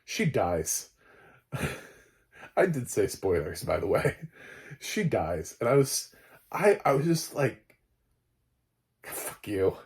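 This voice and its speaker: A man's voice: mid-range voice, big pitch swings, takes it slowly, pauses often. A man casually recapping a TV episode, rambling with lots of fillers and frequent laughter. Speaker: TV show reviewer.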